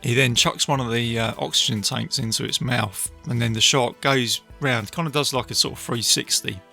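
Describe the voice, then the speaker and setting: A man talks through a film review on his own podcast, rambling a little and retelling scenes with plenty of fillers. His voice is bright and edged, with a steady gravelly fry. Faint music plays behind him. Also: mid-range voice, moderate pace. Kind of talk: casual solo film review. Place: beach outdoors.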